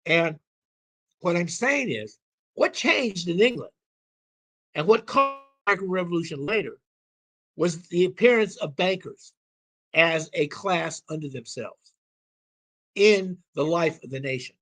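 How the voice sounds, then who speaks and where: A man's voice: sits high, animated, unhurried, long pauses, fairly bright tone. A man talking as a call-in show guest, explaining at length in an emphatic, rambling way and swearing now and then. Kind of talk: casual explanatory talk.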